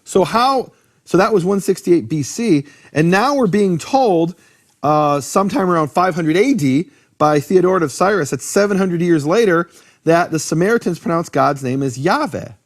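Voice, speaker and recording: A man teaching in a conversational lecture about biblical names, animated, posing rhetorical questions and often restarting his sentences. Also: sits high, moderate pace. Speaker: Bible teacher explaining Hebrew names.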